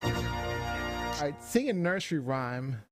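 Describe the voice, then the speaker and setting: A man's voice: on the high side, very animated, a little slow. A man hosting a casual live-stream party game, teasing and laughing often. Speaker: host running a party game. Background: music playing.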